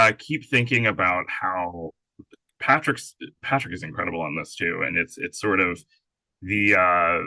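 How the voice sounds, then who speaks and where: A man's voice: fairly low pitch, pushed and bright, no room sound, poor audio. A man interviewing an actor, chatting casually and often chiming in with short agreements. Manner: friendly, frequent short agreements. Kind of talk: conversational interview.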